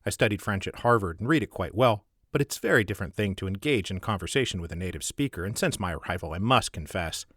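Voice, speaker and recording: A man's voice: lowish voice, quick pace, few pauses, no room sound, studio quality, lightly acted. A man voicing a polite, earnest American historian in his late thirties who talks eagerly and a little formally.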